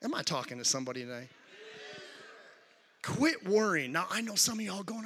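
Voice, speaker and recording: A man preaching a sermon as a guest speaker, calling out questions to the congregation and animated in delivery. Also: high voice, a little fast, husky, in a large hall. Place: church sanctuary.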